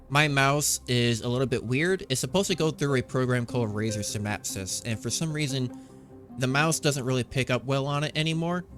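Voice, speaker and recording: A man's voice: medium pitch, fairly bright tone. A man hosting his gaming channel, talking through a space game in a chatty, rambling way at his desktop microphone. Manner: chatty, rambling, self-correcting. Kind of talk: casual gameplay commentary.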